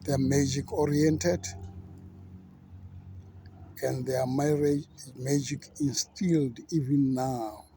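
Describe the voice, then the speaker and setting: Slow gravelly-voiced pastor, deliberate. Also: male voice, mid-range voice, steady tone, warm tone, slight background noise. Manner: deliberate, measured and outspoken. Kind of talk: reflective monologue.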